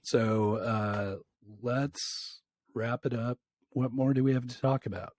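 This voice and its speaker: Deadpan, flat-voiced man co-hosting. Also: medium pitch, slow pace. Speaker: podcast co-host. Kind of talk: casual chat. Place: home.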